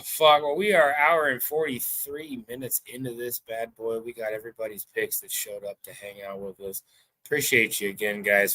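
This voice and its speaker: With a fairly low-pitched voice, this American host rambles excitedly through a casual livestream chat. He curses freely and leans heavily on filler words.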